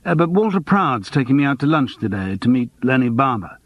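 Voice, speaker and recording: A subdued actor turned amateur detective, read by a male narrator, hesitant and rueful in his replies. His voice sits at an ordinary middle pitch. The recording is dry and close. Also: big pitch swings, fairly quick, dry recording, dull audio, natural voice. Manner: low-key, hesitant, rueful. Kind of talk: audiobook character voice.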